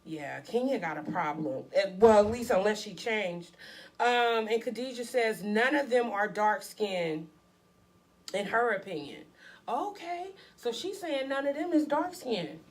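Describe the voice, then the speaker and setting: A woman's voice: fairly high pitch, animated, measured pace. A woman co-hosting a casual chat, reading viewer comments aloud and asking eager questions.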